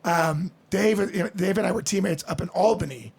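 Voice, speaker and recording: A middle-aged man from the Midwest, a podcast guest telling stories in an animated way. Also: high voice, brisk, creaky, breathy edge. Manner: animated storyteller acting out crowd voices. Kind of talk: storytelling interview.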